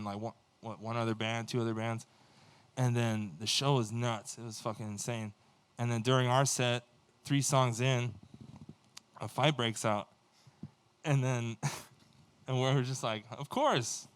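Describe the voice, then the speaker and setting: A band member telling a story casually on a livestream, cursing freely and acting out what other people said. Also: male voice, medium pitch, a little slow, long pauses, smooth. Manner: animated, profane, acts out quoted dialogue.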